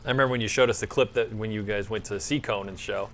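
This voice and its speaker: A man who regularly appears on the show, chatting in a relaxed group and telling stories with animated, acted-out quotes. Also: lowish voice, quick pace. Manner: animated storyteller, acts out quotes. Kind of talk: casual banter.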